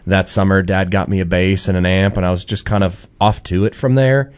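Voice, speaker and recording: A young man, a band's bass player, chatting casually in an interview and laughing easily as he tells stories. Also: fairly even intonation, brisk, clean tone.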